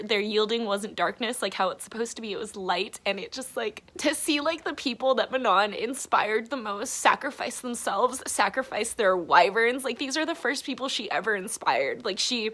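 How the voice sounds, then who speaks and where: A woman's voice: medium pitch, fairly bright tone. A young woman vlogging about a book she is reading, emotional and close to tears, rambling with many fillers. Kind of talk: casual reading vlog.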